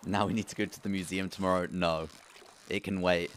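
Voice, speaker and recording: A young man streaming a farming game, who swings from loud outbursts to low muttering. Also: steady tone, brisk, a little hiss or hum. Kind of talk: live gameplay commentary.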